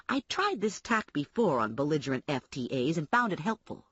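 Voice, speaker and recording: A woman narrating an audiobook in the first person, wry and brisk, her voice husky and her pitch animated. The recording is dead dry and slightly muffled, close to the mic. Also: no room sound.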